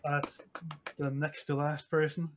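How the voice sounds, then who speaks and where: A man with a somewhat higher voice who talks half to himself as he works through his dice. He reports his rolls flatly, with the odd chuckle. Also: a little slow, background noise. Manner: muttering to himself while tallying rolls. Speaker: player. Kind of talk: tabletop role-play, reporting dice rolls.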